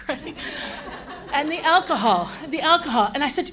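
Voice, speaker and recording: A woman from Canada, a care home administrator, telling a story on a panel in a lively, self-mocking way. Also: high voice, moderate pace, slightly rough.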